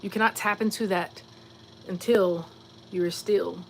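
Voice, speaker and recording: A woman from Virginia, USA, hosts a casual livestream, musing reflectively and answering viewers' comments directly, with quick asides and fillers. Her voice is medium-pitched with fairly even intonation, and there's slight background noise.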